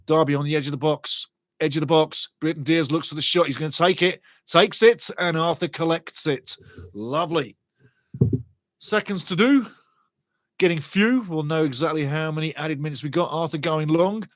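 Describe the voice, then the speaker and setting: A man's voice: fairly high pitch, normal speed, no room sound. A man giving passionate fan commentary on a live football match, cheering his side and reading out chat messages. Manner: excitable, partisan, reads chat comments aloud. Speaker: fan watch-along commentator.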